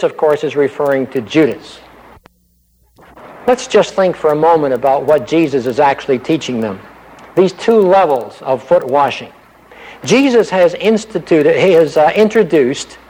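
A man's voice: fairly high pitch, a little mellow, poor audio. A man giving a conversational sermon, explaining Bible verses and asking his listeners rhetorical questions. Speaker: preacher.

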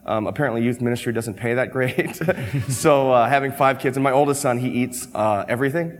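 A man's voice: medium pitch, brisk, in a large hall. Easygoing man, youth pastor. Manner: easygoing, self-deprecating, laughs often. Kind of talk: casual panel chat.

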